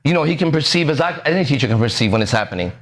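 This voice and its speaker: Man, forties, podcast host, casual storytelling, animated, keeps asking "right?", mid-range voice. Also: mid-range voice, racing. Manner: animated, acts out quoted lines, keeps checking in with "right?".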